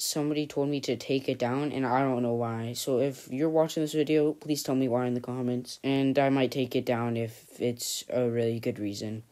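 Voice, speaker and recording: A chatty vlog host with a mid-range voice, neither high nor low. The talk is loose and offhand, full of "and yeah" and "honestly" as it rambles through a casual recap. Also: darkish tone. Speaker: channel host.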